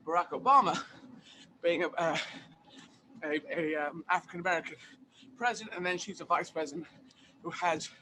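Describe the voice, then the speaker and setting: A man being interviewed as a guest comedian, talking in an animated, emphatic way and repeating phrases for effect. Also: high-pitched, background noise. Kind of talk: casual interview chat.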